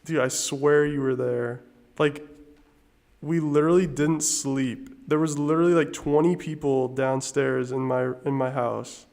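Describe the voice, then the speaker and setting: A man's voice: medium pitch, steady tone, unhurried, creaky, a little mellow. A man in his twenties, a podcast guest who talks eagerly about old memories and giggles often. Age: 20s. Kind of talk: casual chat.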